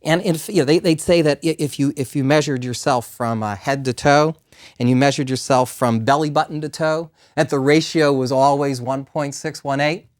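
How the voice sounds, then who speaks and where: A man's voice: mid-range voice, fairly even intonation, moderate pace. A middle-aged man giving a recorded math lecture as a professor, playful and enthusiastic. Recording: compressed 2000s DVD lecture audio.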